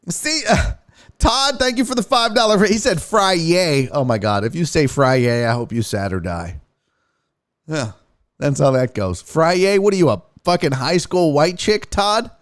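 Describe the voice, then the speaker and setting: Lively animated man hosting a livestream. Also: a little high, measured pace. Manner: joking, rambling, playful crude banter. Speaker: sports show host. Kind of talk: casual livestream chat reading viewer donations.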